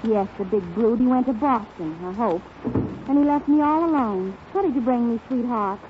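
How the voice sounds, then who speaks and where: A brassy young wife, bossy and wisecracking, as a woman acts her out in an old radio comedy sketch. Her voice sits high. It comes over a tinny, hissing broadcast line. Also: expressive, moderate pace, close to an everyday voice.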